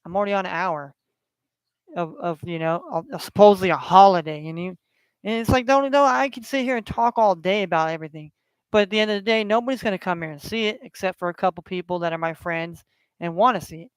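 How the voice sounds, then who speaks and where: A man's voice: sits high, quick pace, smooth, no echo. A middle-aged man hosting his own sports livestream, talking bluntly with heavy cursing and lots of repetition, sometimes heated when he gets passionate. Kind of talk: solo livestream rant and score updates.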